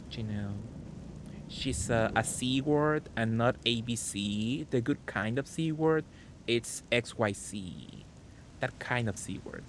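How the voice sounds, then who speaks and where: A man's voice: mid-range voice, a little hiss or hum. Chatty male streamer greeting chat. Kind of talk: casual live gameplay commentary.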